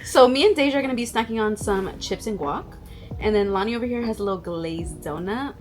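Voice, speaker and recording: A young woman hosting a casual girl chat, talking in a relaxed, easygoing way. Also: medium pitch, a little fast. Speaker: host. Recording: music playing behind.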